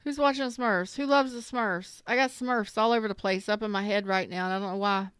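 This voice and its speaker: Smooth-voiced woman chatting on a live stream. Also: medium pitch, steady tone, a little fast, fairly bright tone, dry recording, studio quality. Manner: chatty, repeats herself, greets viewers by name; swears casually, slangy. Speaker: tarot reader streaming live. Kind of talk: casual live-stream chat and reading.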